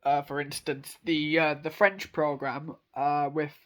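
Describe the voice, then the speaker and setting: A young man speaks in a fairly high voice at an unhurried pace. He rambles in a casual monologue, with plenty of ums and uhs and small laughs. His tone is eager and enthusiastic. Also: little pitch movement, fairly bright tone.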